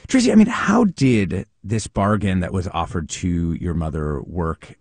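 A man hosts a public radio interview from a studio mic. His voice sits low and the sound is close and dry. He speaks in a measured way and invites callers. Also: animated, dry recording. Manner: measured, with frequent soft acknowledgments. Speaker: radio talk show host. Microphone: studio microphone.

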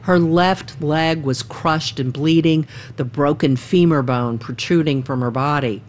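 A woman reporting a news story in a measured, even narration. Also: low-pitched, slight background noise.

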